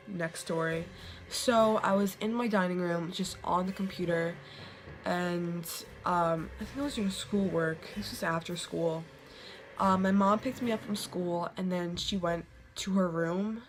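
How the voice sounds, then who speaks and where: A young woman vlogger casually telling ghost stories to the camera, full of "like" fillers and quick laughs. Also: mid-range voice. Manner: chatty, lots of "like" fillers, quick laughs, acts out quotes.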